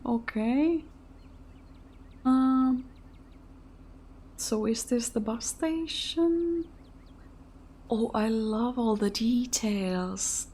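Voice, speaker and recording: A woman plays through a visual novel, chatting about what she sees and reading the story in a soft whisper. She speaks at a slow, unhurried pace, with a middle pitch. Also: slight background noise. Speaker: gaming channel host. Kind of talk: game commentary and reading a visual novel aloud.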